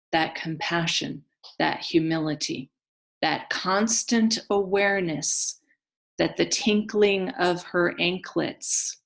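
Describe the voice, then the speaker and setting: A woman storyteller recounting an ancient myth in a slow, hushed, incantatory way. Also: lowish voice, gravelly. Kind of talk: mythic storytelling.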